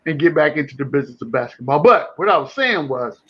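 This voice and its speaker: A man co-hosting a casual sports chat, animated and rambling, with many restarts. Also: a little high, fast, slightly rough, lo-fi sound. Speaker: podcast co-host. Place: home.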